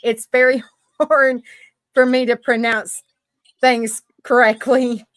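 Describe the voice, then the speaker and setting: A woman in her thirties with a Southern US accent, hosting a casual live chat stream, talkative, apologetic and quick to laugh, a little troubled by allergies. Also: on the high side, little pitch movement, a bit bright, no echo, studio quality. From South Carolina and Tennessee, US. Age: 30s. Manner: chatty, apologetic, laughs often. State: coughing from allergies. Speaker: livestream host.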